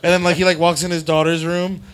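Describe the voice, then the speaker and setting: A man's voice: a little high, little pitch movement, quick pace, smooth. A man hosting a live stream show, riffing on crude comedic bits with lots of fillers and laughter. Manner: rambling, laughing, filler-heavy. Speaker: host.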